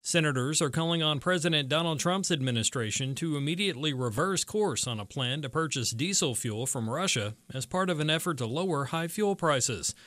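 A man reading a radio newscast as the anchor, steady and measured. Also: fairly high pitch, dry recording. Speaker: news anchor.

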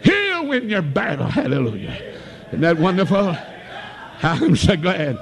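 Shouting Appalachian mountain preacher. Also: male voice, high-pitched, very animated, moderate pace, background noise. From North Carolina mountains. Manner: folksy storytelling, breaking into shouted preaching. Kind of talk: revival sermon.

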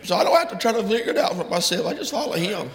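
A man preaching a fervent sermon in a church, rising to loud, emphatic peaks. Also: high voice, animated, very fast. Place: church sanctuary. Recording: echoey hall from far off.

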